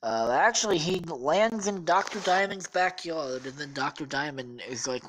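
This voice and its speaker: A woman's voice: deep voice, animated, normal speed, hardly any pauses, poor audio. A tired woman hosting a podcast, improvising a rambling, profane story and correcting herself often. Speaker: podcast host.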